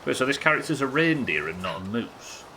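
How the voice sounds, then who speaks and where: A man's voice: medium pitch, sing-song, a little fast, pushed and bright, slight background noise, rough recording. A man from the United Kingdom chatting and joking casually while streaming a survival game, swearing now and then. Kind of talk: casual gameplay commentary.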